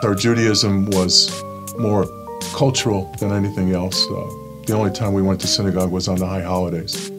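A man's voice: low-pitched, flat delivery, normal speed, over music. A man from Brooklyn, giving a personal testimony and acting out the voices in it. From Brooklyn, New York. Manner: storytelling, acts out quoted voices.

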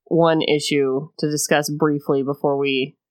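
A woman co-hosting a podcast, recapping a book in casual chat with lively asides. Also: low-pitched, measured pace, smooth. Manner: animated storytelling with laughs and asides. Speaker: podcast co-host.

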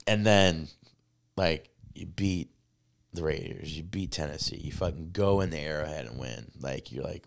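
A man with a deep, low voice co-hosts a laid-back podcast. He rambles through stories with loose filler words and frequent swearing, his excitement building as he goes. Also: moderate pace, gravelly. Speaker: podcast co-host. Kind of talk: casual chat.

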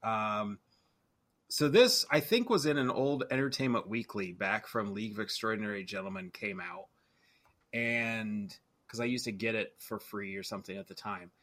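A man's voice: lowish voice, moderate pace, fairly bright tone. A man hosting a casual movie podcast, rambling and correcting himself as he talks. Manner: rambling, self-correcting, chuckling. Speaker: podcast host.

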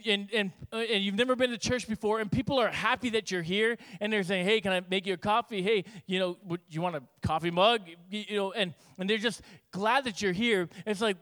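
A man preaching a sermon as pastor, telling stories with acted-out dialogue. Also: high voice. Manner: animated storytelling with acted-out dialogue.

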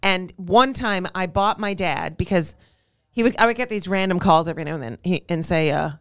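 A woman comedian in casual chat, an animated storyteller who often laughs. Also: lowish voice, fairly quick, smooth, dry recording, studio quality.

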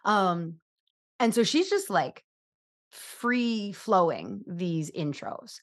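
A woman's voice: mid-range voice, very animated, very slow. An American woman hosting a podcast, chatting in a bubbly, self-deprecating way and leading a short prayer. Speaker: podcast host. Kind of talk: casual podcast chat and spoken prayer.

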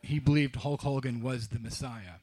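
A middle-aged man telling a wry, self-mocking personal story on stage, with halting restarts. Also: medium pitch, steady tone, a little mellow. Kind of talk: live storytelling.

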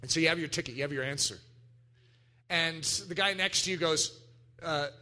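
A man preaching a sermon, animated, acting out voices and breaking into sudden shouts. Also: a little high, a little fast. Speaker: pastor.

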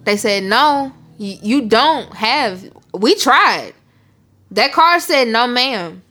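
A young woman co-hosting a podcast, telling stories in a profane, animated way and breaking into shouted outbursts. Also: on the high side, slow pace. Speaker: podcast co-host. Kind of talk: casual chat.

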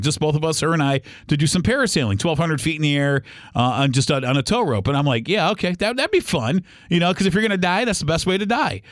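A middle-aged man hosting a podcast, telling a travel story in a casual, animated, rambling way with many restarts. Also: a little high, no room sound, clean studio sound. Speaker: podcast host.

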